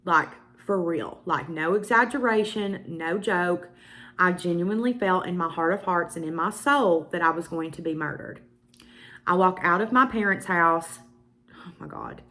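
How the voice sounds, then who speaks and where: A woman's voice: lowish voice, moderate pace, pushed and bright. Chatty Southern woman telling a story. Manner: chatty, emphatic, addresses viewers directly. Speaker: beauty vlogger. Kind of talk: casual storytelling to camera.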